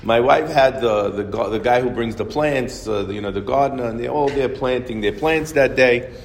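A man's voice: medium pitch, normal speed. A man telling anecdotes to an audience in a rambling, conversational way, with frequent restarts. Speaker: speaker telling stories to an audience. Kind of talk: anecdotal storytelling talk. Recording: echoey hall, faint noise.

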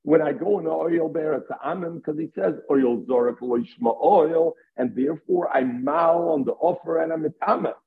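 A man's voice: a little high, moderate pace, vocal fry, few pauses. A man giving a Talmud lesson, explaining step by step and weaving Hebrew and Aramaic terms into his English. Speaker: Talmud teacher. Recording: tinny phone-line audio.

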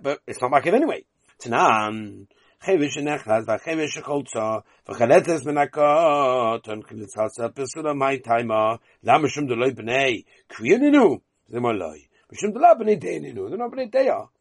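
Man, Talmud teacher, lively questioning delivery, slightly husky, dry room. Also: mid-range voice, no echo. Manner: reads Aramaic text and explains it in English, questioning and animated. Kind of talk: Talmud study class.

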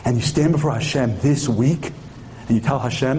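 A man's voice: medium pitch, normal speed, dark tone, slight background noise. A man giving an impassioned sermon-like speech at a memorial tribute, firing rhetorical questions at the audience and weaving in Hebrew terms.

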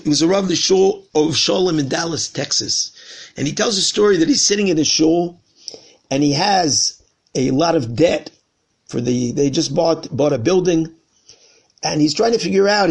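A man's voice: fairly high pitch, moderate pace, creaky, slightly rough. A man from Washington, D.C., giving a conversational Torah lesson as a rabbi, earnest and telling a story with repeated phrases. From Washington, D.C., USA. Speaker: rabbi teaching.

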